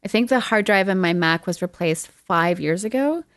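A young adult woman co-hosts a podcast, telling a story in casual chat with animated energy and frequent laughter. Her mid-range voice moves at a moderate pace, captured in a dry, studio-quality recording.

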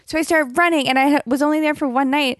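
A woman's voice: sits high, fairly even intonation, quick pace, no room sound, clean studio sound. Laughing young woman telling a story. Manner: rambling, self-mocking, laughs often. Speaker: podcast co-host. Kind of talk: casual storytelling chat.

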